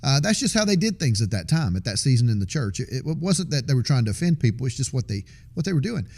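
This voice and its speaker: An earnest man recounts his conversion story in a plain, conversational voice of middle pitch. He circles back over his words, restarts sentences and drops in small laughs as he tells it. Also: sing-song, quick pace, a little mellow. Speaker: testimony speaker. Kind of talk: personal testimony storytelling.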